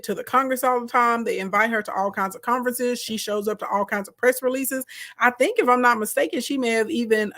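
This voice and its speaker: A woman's voice: a little high, fairly bright tone. Emphatic woman coaching on a live stream. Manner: direct, emphatic, chatty, reads viewer comments. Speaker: host, content coach.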